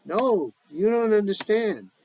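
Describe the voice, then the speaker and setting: A woman's voice: medium pitch, expressive, takes it slowly, warm tone, a little hiss or hum, pitched above the performer's own voice, low-quality recording. A man voicing a stubborn young woman recovering in a hospital bed, insistent and restless. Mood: desperate.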